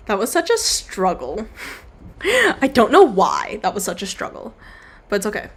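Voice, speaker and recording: A woman's voice: medium pitch, wildly swooping pitch, a little slow, a bit bright, husky. A young woman chatting casually while she draws on a stream, rambling, apologizing and slipping into silly voices. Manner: rambling, self-deprecating, breaks into silly voices.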